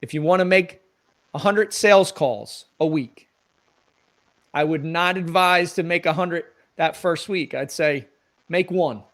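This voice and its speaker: Middle-aged male guest, slightly higher voice, earnest motivational coach delivery. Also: unhurried, fairly bright tone. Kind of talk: conversational interview.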